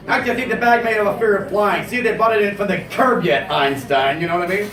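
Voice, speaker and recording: A man performing a stand-up comedy routine on stage, animated and slipping into exaggerated character voices. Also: high voice, fast, few pauses, a little hiss or hum. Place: comedy stage before a live audience. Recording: roomy venue sound from a distance.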